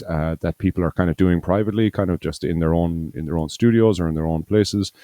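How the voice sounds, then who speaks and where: A very deep-voiced man rambles casually on a podcast, circling back with fillers and self-corrections. His tone is mellow and low. The sound is close and dry. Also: no room sound. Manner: rambling, full of fillers and restarts. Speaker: podcast co-host. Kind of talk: casual chat.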